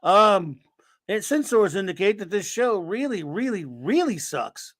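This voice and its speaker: A man's voice: high-pitched, very animated, a little slow, a bit bright, no echo, clean studio sound, full character voice. A man voicing an earnest, jittery male bridge officer who reports urgently and spirals into silly repetition.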